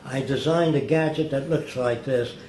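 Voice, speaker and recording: A man's voice: mid-range voice, moderate pace, a little mellow. Older man telling long anecdotes. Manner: rambling anecdotal storyteller, acts out quoted people. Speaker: interview guest. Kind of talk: storytelling in an interview. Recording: roomy, faint background hiss.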